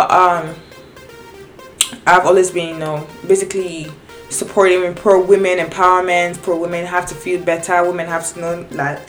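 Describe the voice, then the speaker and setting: A young woman telling her viewers a personal story in a casual, animated way, with many restarts and quoted exchanges. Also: lowish voice. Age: young adult. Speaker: vlogger.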